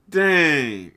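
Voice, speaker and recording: A man giving casual reaction commentary, breaking into excitable, incredulous exclamations. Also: a little high, smooth. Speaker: content creator.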